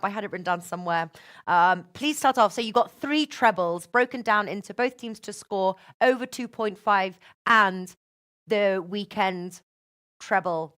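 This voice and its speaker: A woman hosting a betting show in casual chat, chatty and quick to laugh. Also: medium pitch, a bit bright. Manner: chatty, laughs often, restarts. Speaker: host.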